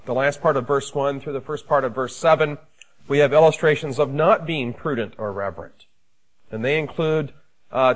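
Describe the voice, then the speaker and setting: A man, a pastor, preaching a sermon in a measured, emphatic way with frequent fillers. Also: mid-range voice, poor audio.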